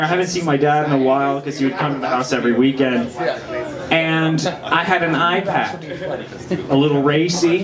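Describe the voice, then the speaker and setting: A young man with a fairly high voice tells rambling, self-deprecating stories on stage. He is recorded in an echoey little bar, and a lively crowd is clearly heard around him. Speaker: stand-up comedian. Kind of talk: stand-up comedy set. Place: small bar with live crowd. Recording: echoey room, crowd noise.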